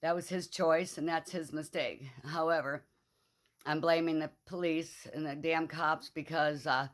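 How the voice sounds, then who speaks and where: A woman's voice: deep voice, fairly even intonation, a little slow, no room sound. A middle-aged woman in a casual vlog monologue, grieving and angry, rambling bluntly and swearing freely. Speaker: vlogger.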